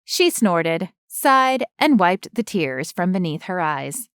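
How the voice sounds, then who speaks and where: A woman narrating an audiobook at an unhurried pace, her tone smooth and clear. The reading is measured and even, recorded close in a dry, dead studio. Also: lowish voice, no room sound. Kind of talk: scripted narration. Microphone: close studio mic.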